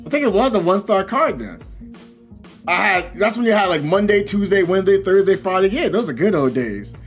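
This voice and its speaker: A man high-voiced, lively streamer rambling between games. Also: brisk, soft background music. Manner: animated, rambling storytelling with many fillers. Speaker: game streamer. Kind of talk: casual live-stream chat while gaming.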